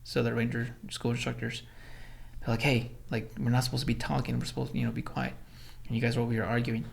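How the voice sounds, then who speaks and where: A man from Los Angeles, a former Army Ranger, telling stories as a podcast guest, animated, swearing, acting out quotes. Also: mid-range voice, quick pace, creaky. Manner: animated storyteller, acts out quotes, swears, many fillers. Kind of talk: casual storytelling in interview.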